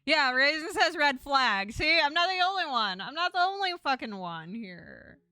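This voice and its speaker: A woman's voice: sits high, big pitch swings, normal speed, sharp tone, no echo, studio quality. A woman game streamer lisping from a sore tongue, chatting casually and teasingly with viewers and reading game text aloud.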